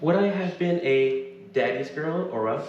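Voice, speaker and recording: Brief: male author, dramatic live reading, slow and lively, distant echoey hall. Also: a little high, muffled recording, a little hiss or hum. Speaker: author reading his own novel. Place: event venue with audience. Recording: echoey room from far off.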